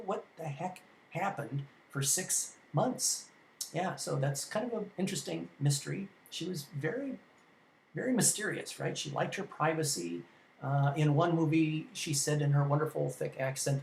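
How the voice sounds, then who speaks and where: A man's voice: on the high side, lively intonation, a little slow, gravelly. A man teaching film history in an informal classroom lecture, rambling and conversational, with many ums and restarts. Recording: echoey room.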